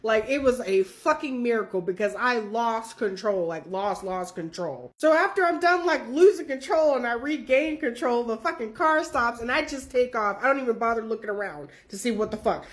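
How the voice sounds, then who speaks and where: Young woman, casual storyteller, lively and profane, slightly high pitch. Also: moderate pace, hardly any pauses. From California. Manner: animated, profane, laughing storyteller.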